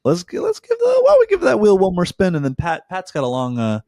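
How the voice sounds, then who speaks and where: A man's voice: sits high, wildly swooping pitch, fast talker, a little mellow, dry recording, studio quality. A man co-hosting a casual late-night podcast, swearing freely and laughing often. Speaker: podcast co-host.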